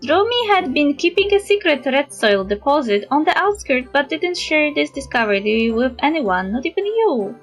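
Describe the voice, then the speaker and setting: A woman streaming a game, reading its text aloud in an animated, giggly, expressive way. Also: high voice, normal speed, few pauses, soft background music.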